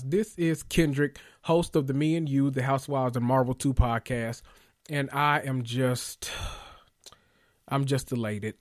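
A young man hosting a podcast, rambling in an excitable, gushing way and swearing freely as he corrects himself mid-thought. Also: mid-range voice, measured pace. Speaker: podcast host. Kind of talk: casual podcast rant.

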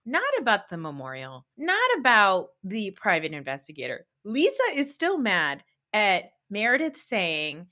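A woman's voice: medium pitch, huge pitch swings, measured pace, hardly any pauses, pushed and bright. A woman hosting a podcast, chatting casually and bluntly about reality TV, swearing freely and acting out quotes. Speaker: podcast host. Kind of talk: casual chat recapping reality TV.

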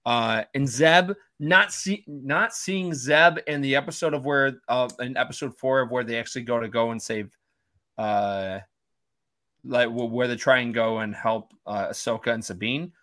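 A man's voice: mid-range voice, moderate pace. A man co-hosting a casual fan podcast, talking animatedly and stammering over his words. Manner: animated, stammers, acts out lines loudly. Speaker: podcast co-host.

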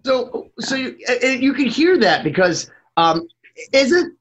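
A man hosting a casual interview, asking animated, joking, profane questions. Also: extremely high pitch, unhurried. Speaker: podcast host. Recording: slightly dull sound.

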